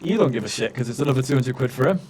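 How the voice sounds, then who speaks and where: A man rants on a live stream, his voice sitting at an ordinary middle pitch. He talks in loose, filler-heavy runs and swears freely. A faint hiss of noise sits behind him. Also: animated, racing, darkish tone. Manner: swears a lot, ranting with many fillers. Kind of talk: casual chat.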